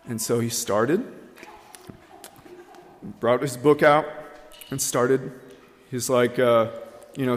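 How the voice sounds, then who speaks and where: A man's voice: mid-range voice, fairly even intonation, slow pace, pauses often, big-room sound. A man preaching a sermon, telling a story earnestly with many ums and uhs. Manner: earnest storytelling with frequent fillers.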